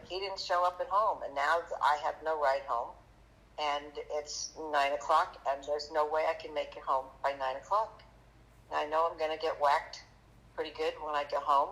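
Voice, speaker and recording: A woman guest on a podcast, telling her story in a halting, chatty way with many fillers, turning lively when she quotes people. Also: deep voice, creaky, poor audio. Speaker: magician guest. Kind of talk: conversational storytelling interview.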